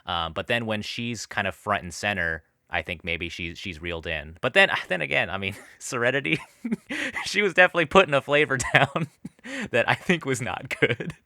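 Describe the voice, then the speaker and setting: A man's voice: mid-range voice, expressive, moderate pace, sharp tone, no room sound, studio quality. A young man co-hosting a podcast in casual chat, rambling with fillers and restarts. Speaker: podcast co-host.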